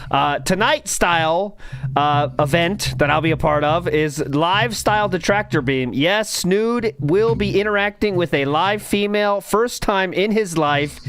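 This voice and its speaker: A man's voice: fairly high pitch, a bit bright, a little hiss or hum. A man hosting a casual podcast, rambling and joking as he reads out chat comments. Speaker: podcast host.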